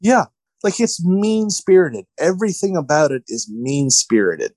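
Man, podcast co-host, casual chat, exasperated ranting retelling, slightly high voice, dry close recording. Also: big pitch swings, measured pace, a little mellow, dry recording.

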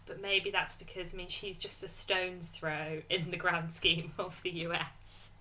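A woman's voice: fairly low pitch, little pitch movement, measured pace, sharp tone, slight background noise, low-quality recording. A woman co-hosting a casual film podcast, teasing her partner and laughing often. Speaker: podcast co-host.

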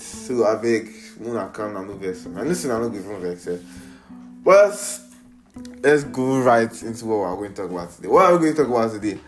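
Young nigerian guy just vibing on his podcast, jokey and rambly, bit of guitar faint behind. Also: on the low side. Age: young adult. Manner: playful, rambling, mixes in pidgin slang. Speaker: podcast host. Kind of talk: casual solo podcast chat. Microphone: iPad.

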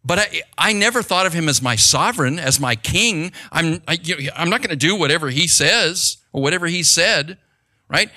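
A middle-aged man speaks in a conversational monologue, his voice fairly high and very bright. He tells stories with animation, swinging his pitch widely and often stopping to check in with the listener. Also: normal speed. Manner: animated storytelling, rhetorical check-ins with the listener. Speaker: speaker giving advice.

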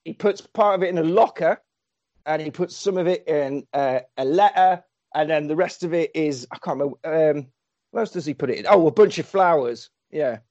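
A man retelling a story in a casual comic way, excitable, laughing and swearing freely. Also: on the high side, a little fast, dull audio.

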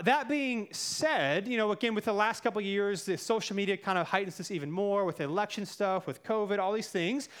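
A man's voice: high-pitched, a bit bright. A man giving a casual, conversational sermon as a pastor, talking through his points with many fillers and asides. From United States.

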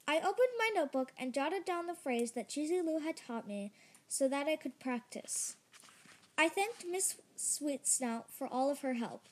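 A woman hosting a storytime show, reading a children's book aloud in a lively, expressive way. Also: high voice, a little slow. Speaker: storyteller host.

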